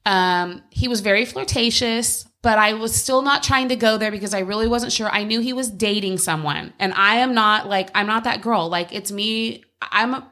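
A woman's voice: medium pitch, moderate pace, few pauses, sharp tone. A woman co-hosting a podcast from home, telling a personal story in casual chat, candid and swearing freely. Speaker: podcast co-host.

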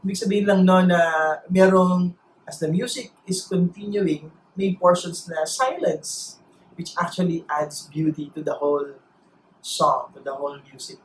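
Man, Filipino accent, sermon, deliberate pauses, echoey room. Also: sits high, steady tone. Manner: switches between Tagalog and English, measured with deliberate pauses. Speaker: preacher. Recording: roomy echo, faint noise.

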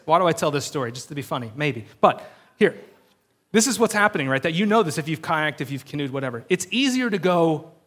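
Guy preaching, chatty and storytelling, kinda higher voice, lots of "like" and little acted-out quotes. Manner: animated storytelling with frequent fillers, acts out voices. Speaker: pastor. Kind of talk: sermon.

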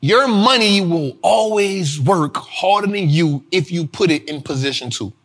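A man with a high voice, talking a little slowly, hosts his own show about money and investing. Casual, animated, and profane, he laughs often and calls viewers "y'all."

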